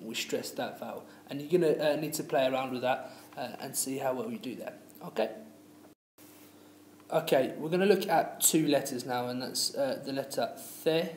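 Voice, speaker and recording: A man teacher explaining pronunciation rules patiently, with many fillers and restarts. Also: medium pitch. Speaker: language teacher. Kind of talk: classroom lesson. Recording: echoey room with faint noise.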